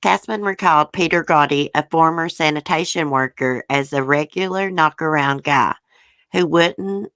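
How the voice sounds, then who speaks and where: A woman hosts a livestream, speaking in a low, slightly bright voice at a moderate pace with no echo. Reading through news and viewer comments, she chats casually, frankly, and with strong opinions.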